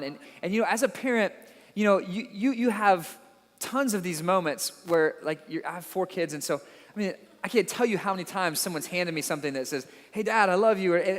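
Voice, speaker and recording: A man in his thirties, a pastor, telling a story in a sermon with animated, self-deprecating delivery and repeated words. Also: high-pitched, long reverb tail.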